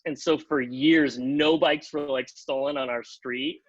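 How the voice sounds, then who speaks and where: A man telling a long anecdote on a podcast, animated, acting out the other people in pitched-up voices and leaning on "like" as he talks. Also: unhurried, hardly any pauses, no room sound, dull audio. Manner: animated, acts out quotes in pitched-up voices, many "like" fillers. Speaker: podcast guest, TV comedy writer. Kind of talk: casual storytelling.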